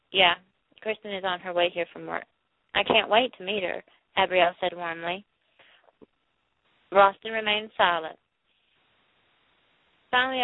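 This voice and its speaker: A woman reads a novel aloud at an even pace, lightly voicing each speaker. Her voice comes through thin and boxy, like over a phone line. The room around her adds no echo at all. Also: medium pitch. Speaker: audiobook narrator. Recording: dry, tinny phone-like sound.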